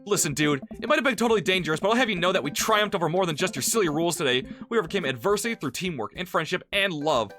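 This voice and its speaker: A man's voice: high-pitched, animated, racing, few pauses, bright, forceful tone, faint music behind. A man voicing a bold teenage girl in a dating game, giving a defiant, grand speech.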